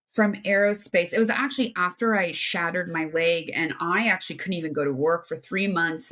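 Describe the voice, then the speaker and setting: A woman's voice: on the low side, fairly bright tone. A woman in her fifties from the United States, a podcast guest telling her life story with energy, talking at length in long flowing runs. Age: 50s. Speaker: guest, aerospace engineer and adventure athlete. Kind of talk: animated personal storytelling.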